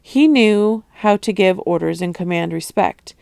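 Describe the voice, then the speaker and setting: A woman reading a novel aloud in a steady, expressive storytelling manner. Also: mid-range voice, unhurried, creaky, clear, resonant tone, no room sound, studio quality. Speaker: audiobook reader.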